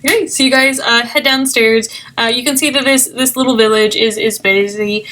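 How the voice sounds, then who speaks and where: A woman's voice: fairly high pitch, fairly even intonation, normal speed, sharp tone. A woman narrating as game master in a tabletop game, rambling with many fillers and laughs.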